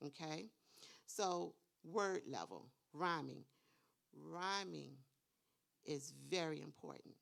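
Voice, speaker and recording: Low gravelly woman teaching parents. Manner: patient, explains step by step with frequent "okay?". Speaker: kindergarten teacher. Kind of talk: seminar presentation for parents.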